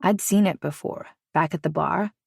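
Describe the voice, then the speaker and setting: A woman narrating a romance audiobook in the first person, with steady, even storytelling. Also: deep voice, moderate pace, creaky, breathy edge, dry recording, studio quality.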